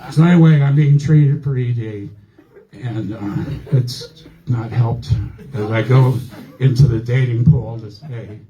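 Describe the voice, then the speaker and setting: A man in his sixties doing a stand-up comedy set, telling stories deadpan and acting out other people's lines. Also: medium pitch, unhurried, lo-fi sound, a crowd in the background. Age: 60s. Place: comedy club stage.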